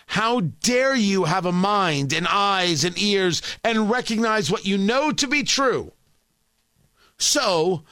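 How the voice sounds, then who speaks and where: A man's voice: high-pitched, pushed and bright, no room sound, studio quality. A man delivering an indignant opinion monologue, sarcastic, sometimes mocking other voices. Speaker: political commentator.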